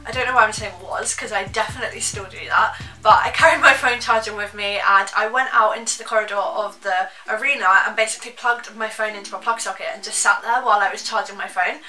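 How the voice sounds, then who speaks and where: A woman's voice: medium pitch, fairly even intonation, fast, few pauses, bright, forceful tone, roomy sound, far from the mic, faint music behind, rough recording. A young woman telling a casual storytime, chatty and full of "like". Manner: chatty, heavy use of "like". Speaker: vlogger.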